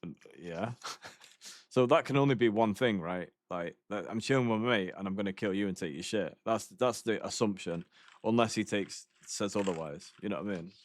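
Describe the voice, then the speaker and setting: A man's voice: lowish voice, a little fast, no room sound. A man streaming a game, telling rambling stories in casual chat, swearing often and laughing between lines.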